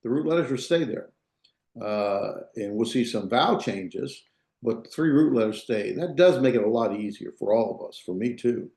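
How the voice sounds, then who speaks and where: A man teaching a class in a loose, unpolished way, restarting sentences and checking that students follow. His voice is mellow and relaxed, and it echoes around the room. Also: medium pitch, normal speed, creaky. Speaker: Biblical Hebrew teacher. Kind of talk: classroom lecture.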